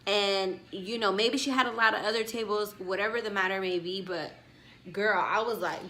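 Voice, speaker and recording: A woman's voice: medium pitch, fairly even intonation, moderate pace, sharp tone. A young woman vlogger telling a story in a casual, sassy way, with lots of asides to her viewers.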